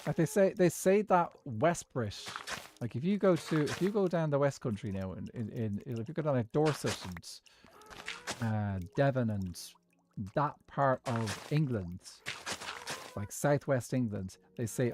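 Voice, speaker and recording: A man's voice: medium pitch, animated, a little slow, background noise. A man chatting casually and rambling through his opinions while streaming a game. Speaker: gaming streamer. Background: background music.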